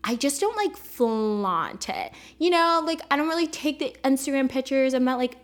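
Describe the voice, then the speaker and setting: Chatty 20s girl doing her solo podcast, kinda high voice, says like a lot. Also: animated, normal speed, few pauses. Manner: chatty, bubbly, heavy use of "like". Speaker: podcast host. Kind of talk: casual solo podcast chat.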